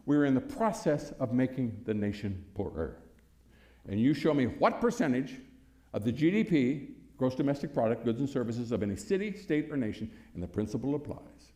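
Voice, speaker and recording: A man's voice: mid-range voice, dark tone. An older American man, a former congressman, giving a folksy speech to an audience, full of anecdotes, chuckles and punchy rhetorical questions. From United States. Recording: echoey hall.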